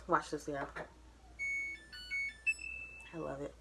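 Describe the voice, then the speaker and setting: A woman's voice: low-pitched, fairly even intonation, moderate pace, vocal fry, pauses often, heavy background noise. Chatty woman vlogging her laundry. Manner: chatty, joking, talks to viewers while doing chores. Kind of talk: casual vlog chat. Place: home laundry area.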